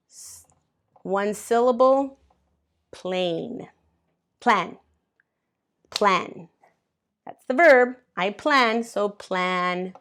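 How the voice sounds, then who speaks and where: A woman's voice: medium pitch, extremely slow, long pauses, a bit bright. A woman teaching English grammar to learners, patiently spelling out letters and sounds one by one. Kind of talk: slow classroom grammar explanation.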